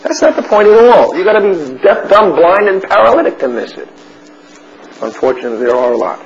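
A high-voiced male preacher leads a Bible study, teaching through a chapter in sermon style with a sing-song, fairly quick delivery. He's blunt, throwing questions at his listeners and then answering them himself. The audio is slightly muffled, with a faint hiss beneath it.

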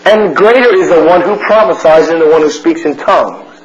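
Blunt, high-voiced male Bible teacher. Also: brisk. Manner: asks questions and answers them himself, blunt. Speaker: preacher teaching a Bible study. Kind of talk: sermon. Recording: muffled recording with faint noise.

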